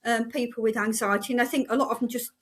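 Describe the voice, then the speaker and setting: An older woman, a breathwork therapist, talking in a casual podcast conversation with earnest, halting restarts. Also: fairly high pitch, steady tone.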